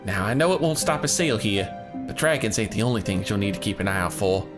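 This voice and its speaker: A man's voice: lowish voice, animated, quick pace, close to an everyday voice. A man voicing a hearty, gregarious older male hunter leader with a Southern US drawl. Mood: boisterous. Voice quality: folksy drawl. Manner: gregarious, loud. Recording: game music behind.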